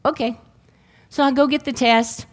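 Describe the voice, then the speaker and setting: A middle-aged woman, preaching a sermon and telling her own healing testimony in a lively storytelling way. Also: high voice, normal speed.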